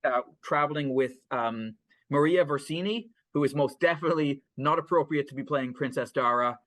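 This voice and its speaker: A man's voice: a little high, a little fast, fairly bright tone, no room sound. A man co-hosting a casual film podcast, rambling through plot summaries with many fillers, restarts and laughs. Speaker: podcast co-host.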